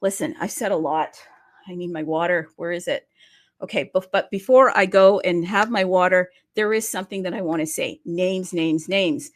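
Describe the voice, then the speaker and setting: A woman hosting a crypto livestream, talking in an energetic, chatty and openly salesy way as she promotes a wallet and marketplace. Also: fairly low pitch, normal speed.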